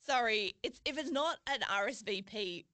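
High, lively young woman quipping. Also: dry recording. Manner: quick sarcastic quips, swearing. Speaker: podcast co-host. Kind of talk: casual banter.

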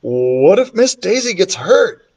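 A man's voice: high voice, sing-song, slow pace, darkish tone, slightly rough, pitched above the performer's own voice, heavily acted. A man voicing a whiny schoolboy. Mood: eager. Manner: whiny, eager. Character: eager young schoolboy.

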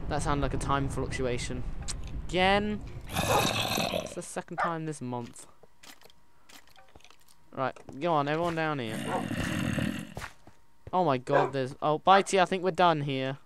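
A man giving casual, excitable commentary while playing a game, chatting to his in-game pet wolf. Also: mid-range voice. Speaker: gaming channel host. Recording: loud background noise.

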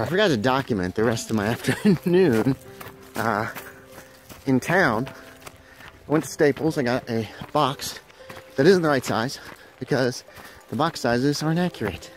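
A man's voice: medium pitch, animated, measured pace, pauses often, slight background noise. A man narrating a casual daily vlog, chatty and talking fondly to his dogs. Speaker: vlogger.

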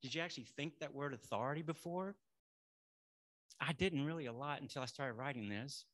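A middle-aged male minister preaching a sermon in a conversational way, saying y'all and building to loud affirmations. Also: mid-range voice, a little fast.

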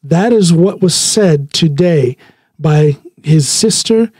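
A man's voice: fairly high pitch, lively intonation, slow pace, a little mellow, no room sound. A man hosting a casual podcast conversation, talking in an earnest, opinionated way. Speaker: podcast host.

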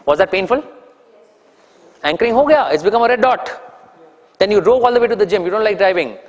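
A man with an Indian English accent giving an animated, teasing training talk to an audience, throwing questions at them. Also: high-pitched, fast talker, in a large hall. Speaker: corporate trainer.

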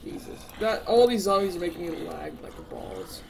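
A man casually chatting while playing a game with a friend, relaxed and laughing at the friend's troubles. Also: high voice, moderate pace, gravelly, a crowd in the background. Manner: laid-back, laughs at his friend. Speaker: gamer host. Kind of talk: casual gaming chat.

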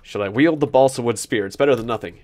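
With a darkish mid-range voice and a quick delivery, a man hosts a let's-play, rambling as he plays. He teases himself, laughs at his own jokes, and thinks aloud with plenty of restarts.

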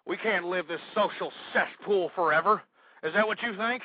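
A man with a high, husky voice rants and shouts insults as a radio host, breathless and heated. The sound is dull and lo-fi, and the voice sits close and dry. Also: moderate pace, dry recording. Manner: angry ranting, shouting insults. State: out of breath, sweating. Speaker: radio talk show host. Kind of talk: ranting political commentary.

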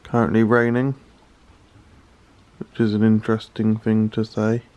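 A man's voice: fairly low pitch, completely flat delivery, measured pace, a little mellow, highs cut off. A young British man chatting casually to camera in a vlog, with sweary, sarcastic asides. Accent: British English. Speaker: vlogger.

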